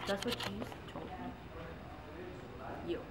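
A young woman directing a student film, with a teasing, deadpan manner. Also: slow, noisy background.

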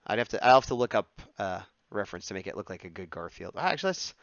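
A man's voice: lowish voice, big pitch swings, fast, gravelly, no echo, muffled recording. A man streaming himself sketching, muttering and humming as he draws and chatting to viewers in a casual way. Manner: mutters and hums to himself while drawing, then turns to chat brightly. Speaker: streamer sketching and taking requests. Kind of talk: casual live-stream chat while drawing.

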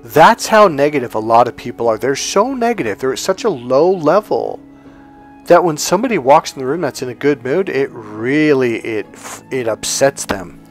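A man's voice: medium pitch, lively intonation, moderate pace, faint music behind. A middle-aged man and life coach tells a personal story in a casual, profane way, acting out bits of dialogue. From California.

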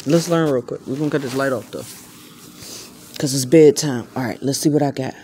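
A woman vlogs from bed late at night. She talks in rambling, self-interrupting chatter, then jumps into a high baby voice for her pet. A faint hiss sits under the recording. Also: a little fast, mellow. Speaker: vlogger. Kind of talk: casual late-night vlog.

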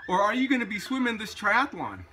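A man's voice: sits high, big pitch swings, a little fast, bright, forceful tone, voice pushed up, exaggerated voice. A man voicing a laid-back male surfer with a Californian accent and drawling surfer slang. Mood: blunt.

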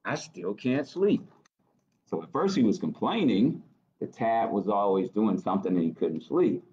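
A man's voice: lowish voice, big pitch swings, normal speed, dull audio. A man hosting a library storytime, reading picture books aloud to children and asking them questions. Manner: gentle, engaging, asks kids questions.

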